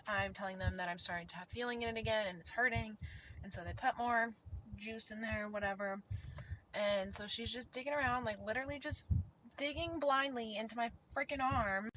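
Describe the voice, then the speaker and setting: A woman's voice: mid-range voice, fairly bright tone. A young woman telling a story in parts to her phone camera, emphatic and swearing freely. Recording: noisy phone recording.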